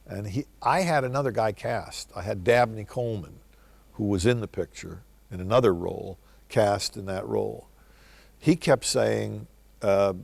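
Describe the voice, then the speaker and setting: A man's voice: fairly low pitch, animated, a little slow, gravelly, a little mellow, no room sound. An older man, a film director, telling wry, reflective stories in answer to interview questions.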